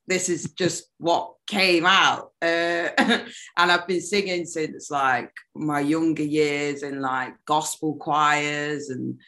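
A British woman in a casual interview chat as the guest, relaxed and loose, with frequent laughs and fillers. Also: sits low, slow. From United Kingdom. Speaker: guest singer.

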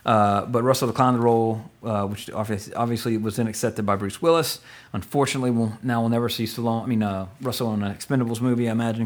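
Fast, rambling podcast co-host, excitable and jokey. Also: male voice, mid-range voice. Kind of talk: casual movie podcast chat.

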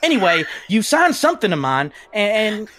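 A man's voice: sing-song, a bit bright. A man voicing a stammering, eager fan. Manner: stammering, eager, high and quick. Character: eager, rambling fan, a bit flustered.

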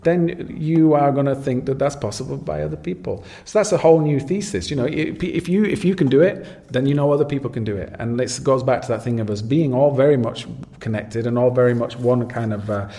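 A man in casual conversation, musing aloud about people. He stops and restarts often and repeats words while he looks for his point. His voice has an ordinary middle pitch. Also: a little fast, vocal fry, hardly any pauses, dark tone. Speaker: host. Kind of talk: casual chat.

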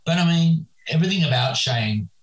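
A man in his sixties, a podcast guest, reminiscing in a rambling, halting way with many restarts. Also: a little high, lively intonation, slight background noise, low-quality recording. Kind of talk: remote podcast interview.

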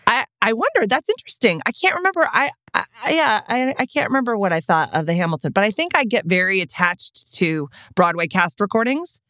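A middle-aged woman co-hosting a relaxed podcast, her pitch jumping up and down as she tells stories and acts out what people said. The sound is dry and close, with almost no room echo. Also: fairly quick, few pauses. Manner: animated storyteller, lots of laughter and acted quotes. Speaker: podcast co-host. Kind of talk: casual chat.

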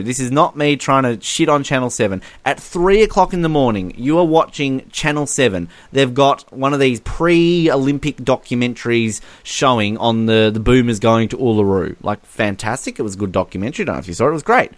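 A man's voice: medium pitch, expressive, fairly quick, hardly any pauses, no echo. A man co-hosting a podcast, chatting casually and acting out quotes with lots of laughs. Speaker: podcast co-host. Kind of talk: casual chat. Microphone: podcast mic.

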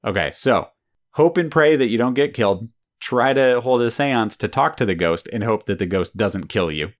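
A woman's voice: extremely low pitch, expressive, moderate pace. A woman interviewing a child in a casual chat, patiently restating the answers to check she has understood.

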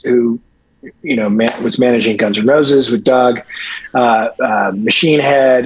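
A man's voice: mid-range voice, husky, rough recording. A middle-aged man, a guest rock musician, telling rambling, profane stories in casual podcast chat with many restarts.

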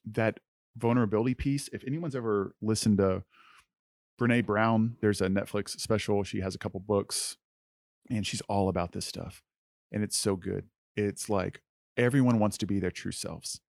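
A male co-host talks casually about mentoring teens, often saying "like" and letting his sentences trail off quietly. His voice sits low with a rough, gravelly grain. The sound is close and dry. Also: normal speed, no room sound. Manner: relaxed and conversational, full of "like", trails off softly. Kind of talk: faith-based podcast chat.

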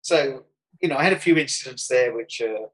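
Man, Birmingham accent, husky voice, rambling anecdotes, interview guest. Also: medium pitch, a little fast, poor audio. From Birmingham, England. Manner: rambling anecdotal storyteller with frequent restarts and chuckles. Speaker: artist guest. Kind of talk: conversational interview, storytelling.

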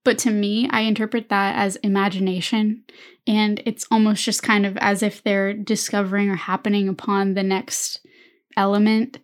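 A woman in her thirties co-hosting a podcast, retelling a movie in lively, casual chat full of fillers. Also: mid-range voice, normal speed. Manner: animated storytelling, full of "like" and "you know". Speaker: podcast co-host.

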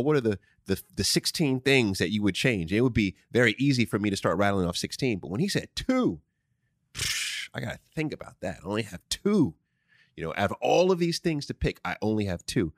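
A man's voice: low voice, no echo, clean studio sound. A man hosting a show, talking casually and answering listener questions, stressing points and repeating key phrases. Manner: emphatic, repeats key phrases, frequent "right?". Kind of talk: casual advice talk. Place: studio.

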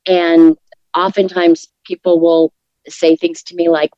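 A middle-aged woman speaking as an interview guest, earnest and encouraging, with soft laughs as she talks. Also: mid-range voice, unhurried, dry recording, muffled recording. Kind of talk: casual interview talk.

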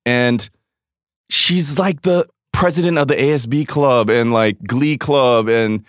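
A man's voice: medium pitch, slow, no room sound, clean studio sound. A man from Los Angeles, a podcast guest telling a personal story in blunt, profane casual chat, acting out what others said to him. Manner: blunt, profane storyteller who acts out quotes.

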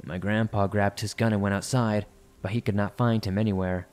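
A man reading listener-submitted horror stories aloud in a measured, somber narration. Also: fairly low pitch, fairly even intonation, darkish tone.

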